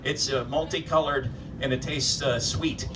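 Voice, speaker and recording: A man's voice: mid-range voice, fairly even intonation, a little slow, distant mic, background noise. A man doing a stand-up comedy set in a club, ranting sardonically and profanely and firing rhetorical questions at the crowd. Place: live comedy club stage.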